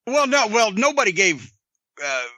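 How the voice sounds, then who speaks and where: A man's voice: sits high, sing-song, normal speed, bright, forceful tone, no echo. A man in his fifties hosting a podcast, telling profane wrestling-business stories with lots of "uh" fillers. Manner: profane storytelling with many filler words. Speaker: podcast host answering listener questions. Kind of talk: casual podcast chat.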